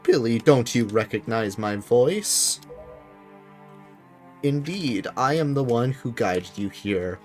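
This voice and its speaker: A man reading game dialogue as a solemn ancient king who speaks through a talking boat, in a grave, measured way. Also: medium pitch, lively intonation, darkish tone, faint music behind, pitched above the performer's own voice.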